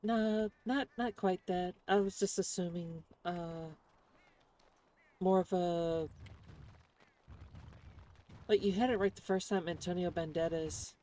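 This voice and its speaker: A woman's voice: lowish voice, steady tone, takes it slowly, pauses often, mellow. A woman streaming a game and commenting casually, often rambling and searching for words.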